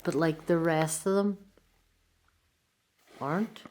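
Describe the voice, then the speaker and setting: A woman on a ghost hunt, talking in a hushed, nervous way in an old castle room at night. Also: deep voice, takes it slowly. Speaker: paranormal investigator. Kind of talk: casual ghost-hunt chat.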